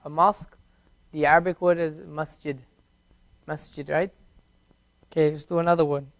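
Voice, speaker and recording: A man teaching a beginners' class in a classroom, patiently repeating each word slowly for his students. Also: a little high, level tone, gravelly. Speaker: Arabic teacher. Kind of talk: classroom language lesson.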